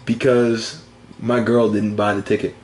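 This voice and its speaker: A man's voice: lowish voice, little pitch movement, measured pace, darkish tone, a little hiss or hum. A young man co-hosting a casual sports podcast, rambling and telling stories with frequent laughs. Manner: rambling, laughs often, storytelling. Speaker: podcast co-host.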